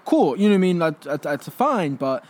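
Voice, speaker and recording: A man's voice: a little high, big pitch swings, normal speed, a little mellow. Rambling young man in casual chat. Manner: rambling, filler-heavy, many restarts. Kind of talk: casual conversation.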